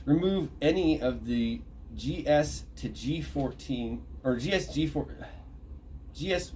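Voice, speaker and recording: A man's voice: a little high, lively intonation, takes it slowly, dark tone, slight background noise. A man reading a list aloud from an online thread, breaking off to comment, look terms up and correct himself. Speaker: channel host reading a thread.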